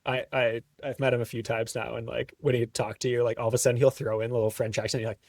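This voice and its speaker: A man's voice: mid-range voice, flat delivery, fast talker, a little mellow, dry recording, distant mic. A man talking as a podcast guest, telling stories in an easygoing way and laughing often. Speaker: guest, trail runner. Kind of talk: casual interview chat.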